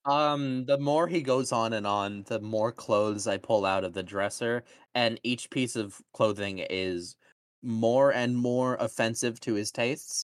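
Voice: medium pitch, measured pace, no echo. Casual tabletop player with a dry sound. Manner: casual, hesitant, describing actions. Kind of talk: tabletop game play.

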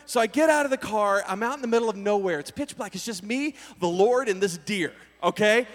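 A man preaching a storytelling sermon to young people, acting out scenes with voices and sudden loud bursts. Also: very high-pitched, brisk, few pauses. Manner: animated, acts out scenes with voices and sudden shouts. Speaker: youth pastor. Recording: reverberant hall.

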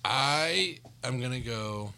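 A man hosting a casual podcast, running the votes with dry teasing and low, mumbled asides. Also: expressive, slow pace, creaky, bright, forceful tone.

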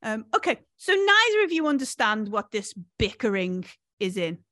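A woman's voice: on the high side, very animated, moderate pace, sharp tone, dry recording, clean studio sound. Woman narrating as game master. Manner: hesitant, many fillers and restarts.

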